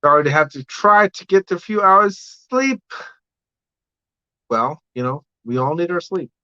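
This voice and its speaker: A man's voice: on the high side, expressive, unhurried, pushed and bright, clean tone, dry recording, lo-fi sound. A man hosting a casual livestream, rambling and swearing freely while he chats about his brewing plans and answers viewer comments. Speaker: livestream host, home brewer.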